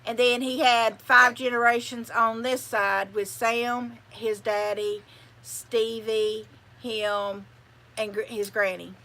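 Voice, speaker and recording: A woman's voice: on the high side, level tone, slow, bright, forceful tone. An older woman, chatting casually on a livestream in a rambling, folksy way. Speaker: channel host.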